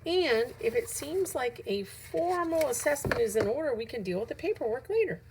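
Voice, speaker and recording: A woman reading aloud and voicing a friendly, brisk older woman teacher in a storybook. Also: sits high, expressive, creaky, noisy background, voice pushed up. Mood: helpful.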